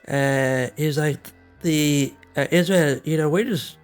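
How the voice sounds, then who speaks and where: An Irish man co-hosting a podcast, retelling events in a halting, filler-heavy way. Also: a little high, smooth, soft background music. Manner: hesitant storytelling, many fillers and retellings. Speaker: podcast co-host. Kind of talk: casual chat.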